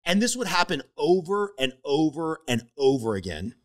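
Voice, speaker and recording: A middle-aged man hosting a podcast, telling a casual story with lots of swearing and animated retelling. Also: on the high side, normal speed. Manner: animated, swears freely, voices others in stories. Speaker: podcast host, mortgage coach.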